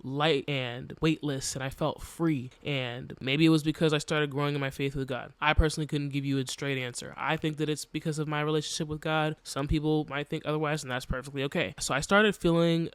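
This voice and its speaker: A man's voice: on the high side, steady tone, a little fast, hardly any pauses, clean tone, dry recording. A young man hosting a podcast, talking candidly and reflectively about his own experiences, with a casual, filler-heavy delivery. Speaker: podcast host. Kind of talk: personal podcast monologue.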